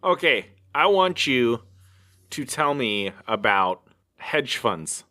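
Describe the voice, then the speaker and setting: A man's voice: medium pitch, very animated, slow pace, bright, forceful tone. A man co-hosting a casual comedy podcast, rambling with many fillers and arguing back defensively. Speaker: podcast co-host.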